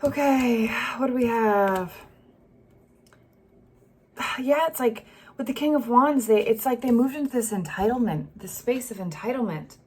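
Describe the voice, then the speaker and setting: A woman's voice: fairly high pitch, a little slow, darkish tone, slight background noise. Woman, tarot reader, casual monologue, emotional, sighs, trails off mid-sentence, close mic. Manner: emotional, acts out the feelings she reads, sighs and trails off.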